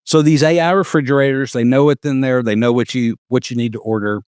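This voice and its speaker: A middle-aged man talks through a story as co-host, easygoing and patient. His voice sits at an ordinary male pitch. The recording is dry and close. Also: steady tone, fast, darkish tone, clear, resonant tone, no echo. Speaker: podcast co-host. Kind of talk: casual chat.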